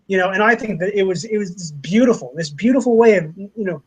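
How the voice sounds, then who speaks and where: A man co-hosting a casual podcast, talking in a profane, animated way and acting out quotes from others. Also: high-pitched, quick pace, husky, rough recording. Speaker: podcast co-host.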